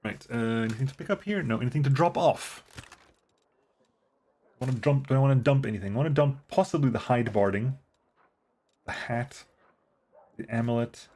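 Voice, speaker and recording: A man's voice: medium pitch, moderate pace, pauses often, a little mellow, husky. A man streaming a video game, reading its text aloud and musing casually with fillers.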